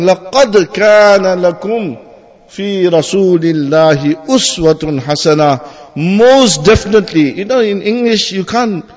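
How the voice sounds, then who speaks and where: A male preacher giving a Friday sermon, reciting Arabic verses quickly and then translating, often saying "my dear brothers" and asking "huh?" to the congregation. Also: on the high side. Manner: repeats "my dear brothers" and asks "huh?" to the audience. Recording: dull recording with long hall reverb.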